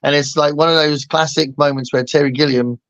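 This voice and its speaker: A man's voice: a little high, steady tone, brisk, a bit bright. A man hosting a casual chat, enthusiastic, with lots of fillers and restarts. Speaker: host. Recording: dull lo-fi sound.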